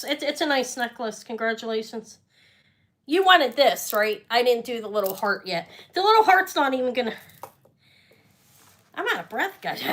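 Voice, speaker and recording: A woman's voice: high voice, fairly bright tone. A middle-aged woman selling jewelry on a live stream, chatting casually and rambling with muttered asides. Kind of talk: casual live sales chat.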